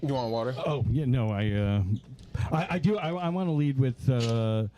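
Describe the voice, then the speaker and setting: A young man hosting a comedy podcast, joking loudly in rowdy banter. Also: mid-range voice, animated, normal speed, slight background noise. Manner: rowdy, shouting. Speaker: podcast host. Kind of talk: loud banter.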